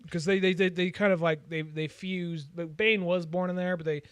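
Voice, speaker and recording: A man's voice: sits high, fairly even intonation, moderate pace, smooth, no echo. A man co-hosting a podcast, chatting casually in a rambling, hesitant way full of fillers. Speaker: podcast co-host. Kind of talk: casual chat.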